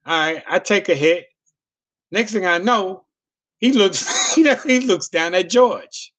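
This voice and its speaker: A man's voice: high-pitched, a little slow, fairly bright tone, no room sound. A middle-aged man, a comedian, telling a long profane story in a loose, rambling way. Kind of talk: casual storytelling on a video call.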